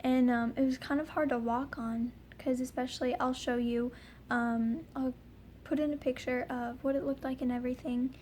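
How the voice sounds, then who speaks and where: A woman's voice: high-pitched, fairly even intonation, normal speed, a little mellow, a little hiss or hum. A young woman telling a personal story in a casual vlog, rambling with lots of ums and likes. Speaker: vlogger.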